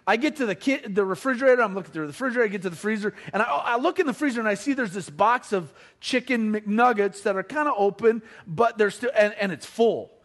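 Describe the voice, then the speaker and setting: A man's voice: high-pitched, fast talker, hardly any pauses. A middle-aged man telling a comic family story to an audience, acting out the voices of his relatives. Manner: animated, acts out family members' voices.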